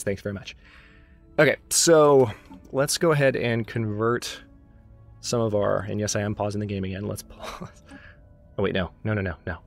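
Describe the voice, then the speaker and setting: A man casually commenting on his strategy game as he plays, chatting to his own units and joking at himself. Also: on the low side. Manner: chatty, talks to his units, self-mocking asides. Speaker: let's play host.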